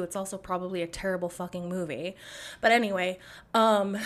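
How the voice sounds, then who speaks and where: A young woman hosting a podcast, delivering an angry, sarcastic and profane monologue. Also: medium pitch. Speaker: podcast host.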